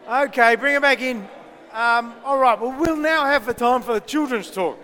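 High-voiced pastor in an echoing church. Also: male voice, sharp tone. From Australia. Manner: chatty storytelling, frequent ums and pauses. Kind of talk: children's talk and sermon. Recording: long reverb in a church hall.

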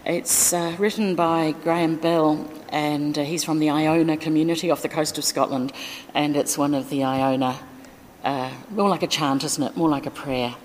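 Woman preacher, low voice, casual sermon delivery, long church reverb. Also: steady tone, normal speed, slight background noise. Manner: chatty, informal, with fillers and asides.

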